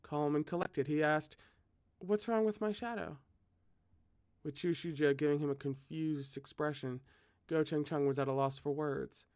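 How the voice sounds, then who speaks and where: A reader narrating a novel aloud, expressive and breaking off for chatty asides. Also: medium pitch, normal speed, no echo.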